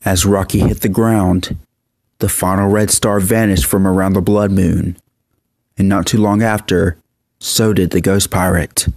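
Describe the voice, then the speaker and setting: A man narrating a horror story in a steady, even scripted reading. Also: low voice, measured pace, no echo, clean studio sound.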